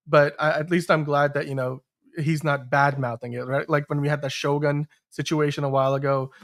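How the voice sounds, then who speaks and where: A man's voice: on the high side, fairly bright tone. A man hosting a live-streamed podcast, talking in a rambling casual way with many restarts. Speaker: podcast host.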